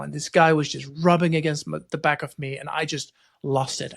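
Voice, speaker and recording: A man hosting a podcast interview in a casual conversational way, telling stories with lively acted-out quotes. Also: a little high, fast, creaky, hardly any pauses. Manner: lively storyteller, acts out quoted lines. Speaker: podcast host.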